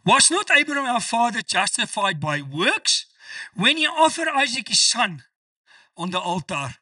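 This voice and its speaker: A man preaching with a high, very lively voice that swoops up and down as he stresses his points. His tone is bright and sharp, and he sounds a little far from the mic in a dry space. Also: dry recording. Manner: emphatic preaching, quotes scripture with slow stressed delivery. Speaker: pastor. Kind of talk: sermon.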